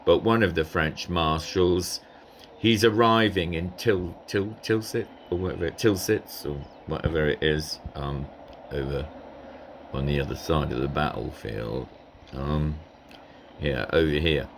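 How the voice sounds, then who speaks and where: A man's voice: rumbling low, measured pace, slight background noise. A man casually commenting over a recording of a strategy game, rambling and hesitant with many ums and asides. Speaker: gameplay commentator.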